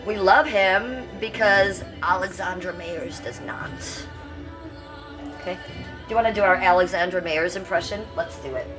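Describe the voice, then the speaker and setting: A woman's voice: on the low side, measured pace, music in the background. A woman in her fifties hosting a casual livestream, brash, profane and rambling as she reads out chat comments. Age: 50s. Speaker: livestream host.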